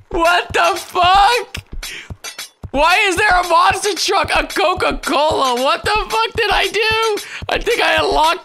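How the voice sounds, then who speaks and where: High, excitable man yelling over gameplay. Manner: excitable, yelling, swearing, laughing. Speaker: gaming YouTuber. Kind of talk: let's-play commentary. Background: game music.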